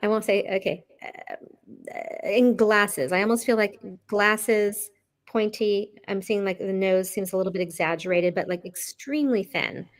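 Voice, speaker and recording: A woman's voice: mid-range voice, steady tone, normal speed. A woman co-hosting a live psychic reading, describing impressions tentatively with many fillers. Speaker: intuitive co-host.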